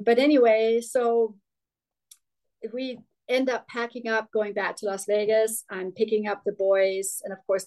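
Candidly rambling through her life story with restarts, a middle-aged interview guest from Denmark, a native Danish speaker, talks in a medium-pitched, darkish voice. The recording is of low quality.

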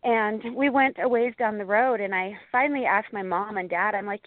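A woman in her forties from Montana, telling her story earnestly as an interview guest, in a halting way with many restarts. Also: medium pitch, steady tone, no room sound. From Montana, USA. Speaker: guest, Bigfoot researcher and author. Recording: tinny phone line, dry.

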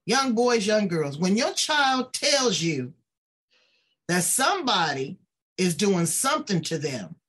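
Blunt, husky woman host lecturing. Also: mid-range voice, sing-song, slow pace, a bit bright. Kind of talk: preachy direct address.

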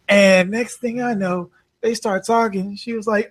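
Animated, fairly high-voiced man telling stories. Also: measured pace. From Bermuda. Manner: animated storyteller, swears freely, acts out quoted voices. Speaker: podcast guest, rideshare driver. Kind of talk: casual podcast chat.

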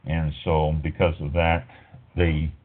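A deep-voiced middle-aged man hosts a wine talk show, drifting from point to point with plenty of "uh"s and quick self-corrections. His voice comes through a thin, phone-like line. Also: little pitch movement. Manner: rambling, filler-heavy, self-correcting. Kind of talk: casual talk radio monologue.

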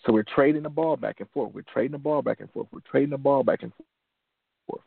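A gravelly-voiced man from Detroit tells a personal story in an earnest, motivational way, circling back on key phrases. The sound is dry and narrow, like a phone line, with no room around him. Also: mid-range voice, quick pace, dry recording. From Detroit, USA. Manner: earnest, repeats phrases for emphasis. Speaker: motivational show host.

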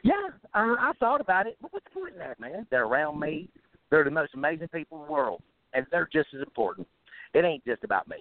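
A man on the high side of the pitch range, with big swings and a fast delivery, rants as a musician guest in a phone interview. His rural Southern-style American drawl comes through a dry, tinny phone line without echo, and his blunt, profane outburst is full of stumbles and restarts.

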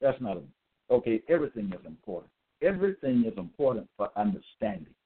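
A man giving a religious monologue with scripture readings, emphatic and repetitive, stressing words slowly. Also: lowish voice, big pitch swings, breathy edge. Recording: tinny phone-like audio.

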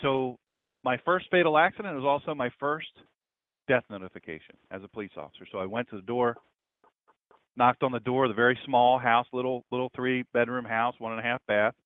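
A pastor telling a story in a sermon, his voice swinging between loud stretches and hushed ones. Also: medium pitch, fairly quick, no echo, phone-quality sound.

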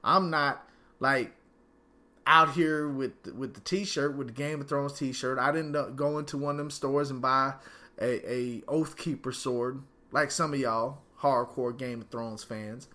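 Male podcast host, bright edgy tone, mid pitch, solo profane rant at home. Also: fairly even intonation, measured pace. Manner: angry, profane ranting with slang.

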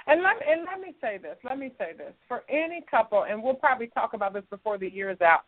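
A woman's voice: on the high side, lively intonation, fast talker, dry recording. A woman co-hosting a radio talk show, giving emphatic advice and repeating her points for stress. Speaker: radio co-host. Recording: thin phone-like radio sound.

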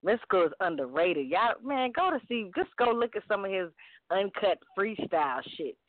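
A man co-hosting a casual morning chat show, chatty and teasing, laughing loudly at the host. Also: sits high, sing-song, normal speed, dry recording. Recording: tinny phone line.

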